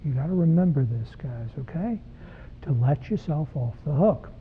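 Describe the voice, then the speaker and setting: In a church hall, a man in his sixties who works as a psychologist talks to parents plainly and conversationally, posing questions to the crowd. He speaks at a moderate pace in a fairly high, expressive voice. The sound is tinny and phone-like, with a little hiss or hum.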